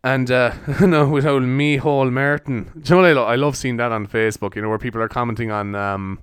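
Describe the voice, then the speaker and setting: A man's voice: mid-range voice, fairly even intonation, a little fast, clear, resonant tone, dry recording, studio quality. A young man from Cork with a Cork Irish accent, hosting a solo podcast in a jokey, rambling way and swearing casually. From Cork, Ireland. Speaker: podcast host.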